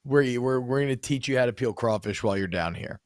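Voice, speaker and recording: A young man co-hosting a podcast in easygoing, joking chat, dropping swear words freely. His voice sits at an ordinary middle pitch. The recording is close and dry, with no room echo. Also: lively intonation, fairly quick. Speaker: podcast co-host. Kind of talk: casual chat.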